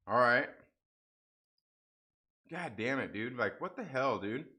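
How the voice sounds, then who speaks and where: Bright-voiced young man hosting a livestream. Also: mid-range voice. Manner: frustrated, swearing, laughing off a stream mix-up. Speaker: livestream host. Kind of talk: casual livestream chat with viewers.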